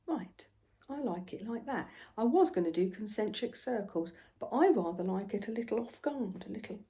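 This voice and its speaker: A woman's voice: a little high, lively intonation, normal speed, dark tone. A woman chatting casually at home while she stitches, talking to her pets as she works. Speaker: embroidery vlogger.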